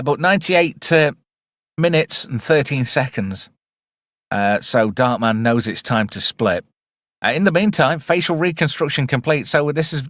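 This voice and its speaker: A man's voice: mid-range voice, fairly bright tone, no echo. Wry man, dry close sound. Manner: chatty and wry, rambling with asides. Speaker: host of a live movie review stream. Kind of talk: casual live-stream film commentary.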